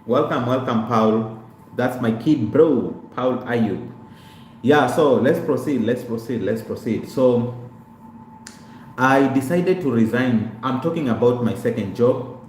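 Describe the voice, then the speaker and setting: On a live stream, a young man talks casually through his life story, greeting viewers by name and often repeating himself. His voice sits at a medium pitch and sounds a little mellow. Faint background noise and an echoey room come through.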